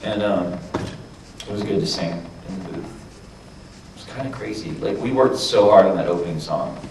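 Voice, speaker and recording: A man with a worn, hoarse voice, chatting loosely and swearing freely as a voice actor answering questions on a convention panel. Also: low-pitched, expressive, moderate pace, a little mellow, a little hiss or hum. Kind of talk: casual panel Q&A. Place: large convention hall. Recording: echoey hall from far off.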